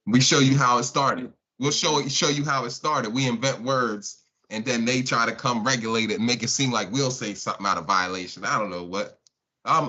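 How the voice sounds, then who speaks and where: A man's voice: mid-range voice, pushed and bright. A man hosting a live stream, talking casually and mocking his chat with laughs. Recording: dull lo-fi stream audio.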